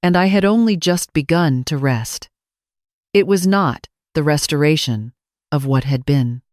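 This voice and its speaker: An older woman narrating a first-person story in a measured, calm, reflective way. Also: deep voice, no echo, clean studio sound.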